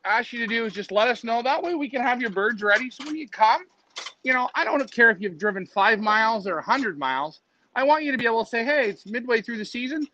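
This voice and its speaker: A man's voice: extremely high pitch, bright, forceful tone, highs cut off. A man co-hosting a casual livestream, chatting in an easygoing, friendly way. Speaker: co-host, loft manager.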